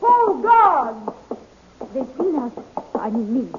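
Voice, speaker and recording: An earnest heroine. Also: female voice, sits high, big pitch swings, takes it slowly, highs cut off, exaggerated voice. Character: earnest brave young heroine. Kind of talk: 1930s radio acting. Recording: scratchy 1930s radio recording.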